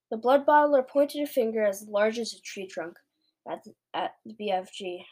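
A woman reads a children's chapter book aloud, lively and expressive, with a fairly high voice. Now and then she trips over a word and restarts it. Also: normal speed. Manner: expressive reading with small stumbles. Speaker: book reader. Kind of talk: reading a children's novel aloud.

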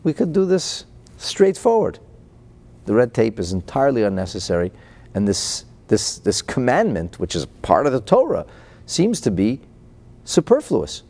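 Lively, warm-voiced man teaching Torah. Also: fairly low pitch, moderate pace. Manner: lively, asks rhetorical questions, chuckles between points; quotes Hebrew phrases, then translates them into English. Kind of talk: explaining a Chassidic discourse.

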